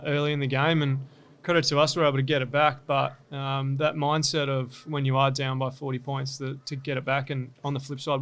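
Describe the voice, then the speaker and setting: Young man, gravelly, flat even tone, matter-of-fact guest answers. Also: medium pitch. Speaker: guest footballer. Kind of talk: casual interview answers.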